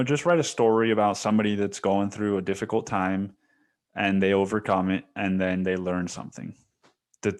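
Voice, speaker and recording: Young male podcast host, slightly low voice, loose, profane, rambling solo monologue. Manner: rambling, profane, says dude a lot.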